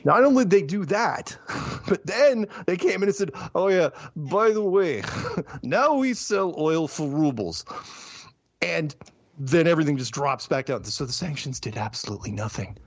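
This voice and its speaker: Animated sarcastic man hosting a show. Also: on the high side, a little slow, no echo. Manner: animated, sarcastic, laughing asides. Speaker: host. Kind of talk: casual news commentary. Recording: dull lo-fi sound, dry.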